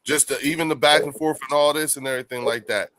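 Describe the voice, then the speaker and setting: A man with a deep, rugged voice hosting a casual fan podcast, relaxed and talking in drawn-out sentences. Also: no echo. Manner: relaxed, drawn-out, says "you know what I'm saying" often. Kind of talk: casual chat.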